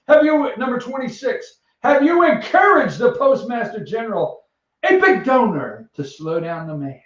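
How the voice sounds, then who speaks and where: A man's voice: very high-pitched, sing-song, moderate pace. A man hosting a sarcastic, jokey countdown of news headlines from an office. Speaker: host. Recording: echoey, distant, dull sound.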